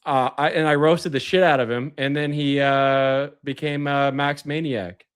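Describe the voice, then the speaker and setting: A man's voice: a little high, fairly even intonation, unhurried, smooth. Teasing young male show host. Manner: playful, teasing, slipping into mock accents. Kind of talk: casual comedic banter.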